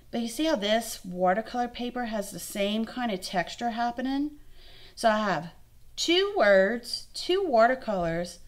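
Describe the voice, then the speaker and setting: A young woman, an art instructor giving a friendly, encouraging lesson and thinking aloud as she works. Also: medium pitch. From Louisiana. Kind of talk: kids' art lesson demonstration.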